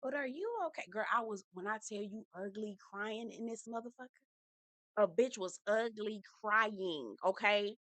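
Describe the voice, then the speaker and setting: Sassy woman with a bright, dry voice. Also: mid-range voice, measured pace, dry recording. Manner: sassy, animated, says "girl" often. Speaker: reality TV recap host. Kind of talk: casual recap commentary.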